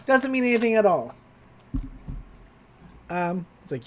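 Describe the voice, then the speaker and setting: A man co-hosts a podcast, casually recapping a cartoon episode and retelling scenes with a lot of energy. He quotes characters in put-on voices and laughs often. His voice is high-pitched and a little slow.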